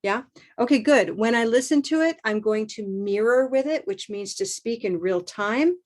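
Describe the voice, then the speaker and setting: A woman's voice: fairly high pitch, lively intonation, moderate pace. A woman teaching a live online pronunciation class, upbeat and encouraging, modeling rhythm by chanting along.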